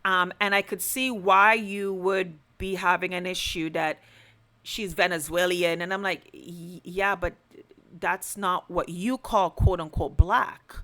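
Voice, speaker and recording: Woman podcast host, solo commentary, earnest, turns emphatic, mid-range pitch. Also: pushed and bright. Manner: earnest, building to emphatic pleas. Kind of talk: direct-to-camera commentary.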